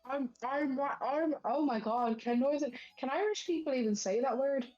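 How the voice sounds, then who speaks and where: A woman's voice: high voice, moderate pace, a little mellow, highs cut off. A woman playing a tabletop game in playful casual chat. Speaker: player.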